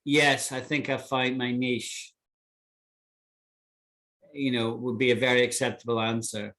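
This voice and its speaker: A man's voice: medium pitch, flat delivery, a little slow, pushed and bright. A man teaching English vocabulary in an online class, explaining and checking in with students often. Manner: explains with many "right?" checks.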